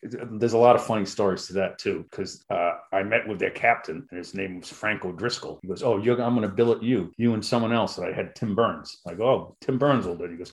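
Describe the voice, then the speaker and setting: Low-voiced male storyteller, casual and animated, quotes people with exaggerated voices. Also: a little fast, hardly any pauses. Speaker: storyteller, former rugby club captain.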